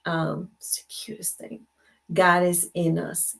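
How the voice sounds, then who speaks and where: A woman's voice: on the low side, flat delivery, slow pace, creaky. An older woman hosting a casual live stream from her computer, talking in an affirming way and often repeating her words. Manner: warm, affirming, repeats phrases. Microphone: computer mic.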